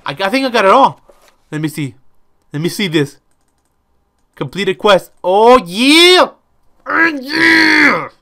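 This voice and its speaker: A young man giving excitable let's play commentary, talking to himself and trash-talking enemies with some swearing. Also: medium pitch. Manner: excitable, talks to himself while playing. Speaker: gaming video host. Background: faint background music.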